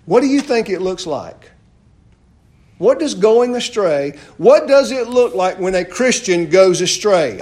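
A man with a high voice preaches a sermon to his congregation. He asks rhetorical questions and often drops suddenly into a quiet voice. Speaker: pastor.

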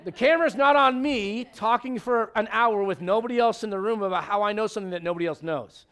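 Male pastor, high-pitched, conversational sermon delivery, quizzes the congregation, punches key lines. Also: fast talker, a bit bright, clean tone. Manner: conversational, emphatic, asks the congregation questions. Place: church sanctuary.

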